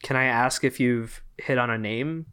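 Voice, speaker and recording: A man from Montreal with a mid-range voice keeps a casual conversation going in an animated, jokey way, swearing casually. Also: medium pitch, normal speed, smooth. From Montreal, Canada. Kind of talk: casual chat.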